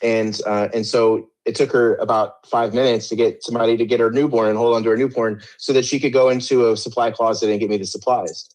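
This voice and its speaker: A man's voice: medium pitch, fairly even intonation, fast, hardly any pauses, darkish tone. A middle-aged man telling his story in an interview, rambling with many restarts and a defensive edge.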